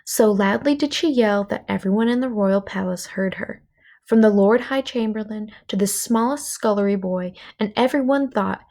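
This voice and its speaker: A woman teacher reading a chapter book aloud to young children. She reads expressively and breaks off to comment and quiz her listeners. Her voice has a gravelly, slightly creaky texture. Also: mid-range voice, normal speed, a little mellow.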